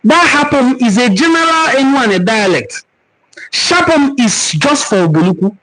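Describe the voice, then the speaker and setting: Very high-pitched and animated, a man speaks at a moderate pace with a somewhat bright tone on a low-quality recording. He has a Nigerian accent and is hosting a cultural forum, teaching on a live stream and answering viewer comments with earnest, preacherly repetition of words for emphasis.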